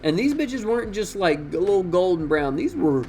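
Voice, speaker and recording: A young man telling a casual, slangy story in an animated way, swearing freely. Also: high-pitched, brisk, few pauses, a little hiss or hum.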